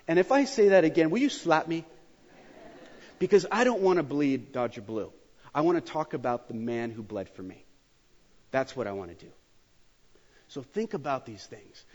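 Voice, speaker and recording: A man in his thirties preaching a sermon in a church, joking and emphatic, his voice rising sharply when excited. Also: on the high side. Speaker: pastor. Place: church sanctuary. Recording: dull sound with long hall reverb.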